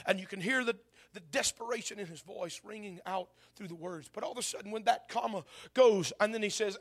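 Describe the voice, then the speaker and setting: A man preaching a sermon with impassioned delivery, dropping to hushed tones and building to shouts. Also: high-pitched, a little fast.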